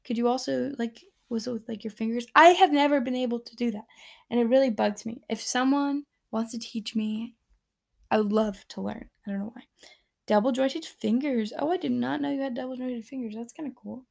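Woman rambling on her podcast, kinda high voice with lots of fry, giggly, lots of ums. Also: fairly quick. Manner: chatty, giggly, rambling with many fillers and restarts. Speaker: podcast host. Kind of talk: casual solo podcast reading listener answers. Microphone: podcast microphone.

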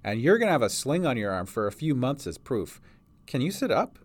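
A man voicing a kind young woman cleric who speaks softly and comfortingly in a storybook reading. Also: medium pitch, very animated, brisk. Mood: soothing. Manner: soft, comforting.

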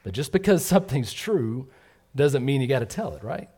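A man's voice: medium pitch, very animated, normal speed, warm tone, husky. A middle-aged man preaching a sermon, who asks "right?" again and again and acts out the voices of gossipers as he goes.

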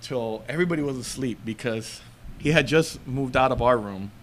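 A man's voice: medium pitch, normal speed, fairly bright tone, slight background noise. A man co-hosting a casual podcast chat, telling a long story in a rambling way and laughing often. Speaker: podcast co-host.

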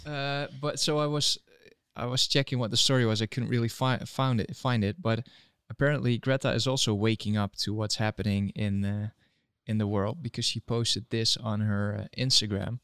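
Blunt man with a lower, smooth voice. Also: fairly even intonation, normal speed, hardly any pauses, a bit bright, no room sound, clean studio sound. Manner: blunt and dismissive, with frequent fillers. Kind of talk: casual livestream chat.

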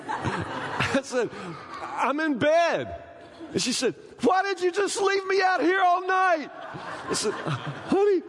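A man, preaching a sermon with folksy, animated storytelling. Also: high-pitched, long reverb tail. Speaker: pastor.

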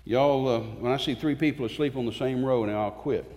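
A man's voice: mid-range voice, a little mellow. A man preaching a sermon to a church congregation, fervent and emphatic, repeating phrases for force. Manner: fervent, emphatic, with pauses and repetitions. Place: church sanctuary. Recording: long reverb of a church hall.

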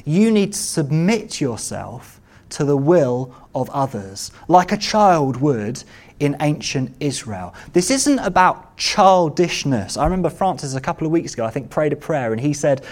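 A man's voice: on the high side, very animated, measured pace, darkish tone. A man preaching a sermon in an earnest way, building to emphatic repeated calls. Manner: earnest, rising to emphatic repetition.

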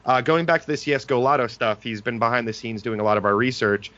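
A man's voice: mid-range voice, steady tone, fast, fairly bright tone, highs cut off. A man hosting a podcast, an attorney, talking in a casual, joking and talkative way.

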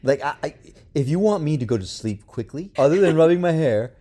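A man co-hosts a casual podcast, teasing and joking with his partner. His voice is husky and mellow. His pitch moves around a lot as he talks. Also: expressive, a little fast. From United States. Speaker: podcast co-host. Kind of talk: casual chat.

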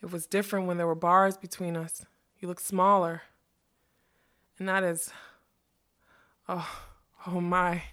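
Woman reader voicing a self-doubting male magician: rueful, heavy-hearted, low-pitched. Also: flat delivery, moderate pace, long pauses, a bit bright, lightly acted. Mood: awed.

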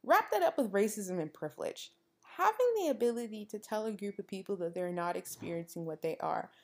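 Here a young woman hosting a podcast speaks at medium pitch, fairly quickly, with vocal fry. It's a casual monologue of animated stories where she acts out people's lines and leans heavily on "like" as a filler.

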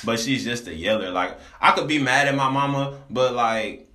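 Laid-back young man, echoey room. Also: normal speed. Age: young adult. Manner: laid-back slangy storytelling, voice jumps high when animated. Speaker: podcast host. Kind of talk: casual chat.

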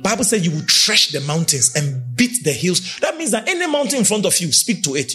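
A man preaching a sermon, emphatic, swinging between shouts and low, intense speech. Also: sing-song, brisk, hardly any pauses, husky, faint music behind. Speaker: prophet preaching.

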